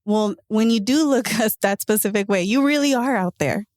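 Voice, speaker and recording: A woman's voice: medium pitch, moderate pace, no room sound, clean studio sound. A woman hosting a casual chat, telling stories with animation and acting out what her friends said. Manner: animated storyteller, acts out friends' quotes. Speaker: host.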